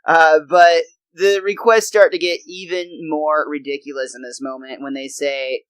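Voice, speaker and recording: A young man with a fairly high voice recaps a cartoon episode for a podcast, chatty and enthusiastic. The sound is dry and close, with no room behind him. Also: steady tone, moderate pace, a bit bright, clear, resonant tone, no room sound, low-quality recording. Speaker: podcast co-host.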